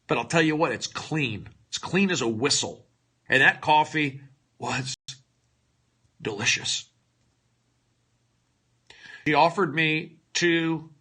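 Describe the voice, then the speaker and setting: A male comedian rambling through a livestream monologue, lurching between loud outbursts and hushed mutters, with mock-dramatic, self-mocking asides into a phone. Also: fairly high pitch, husky.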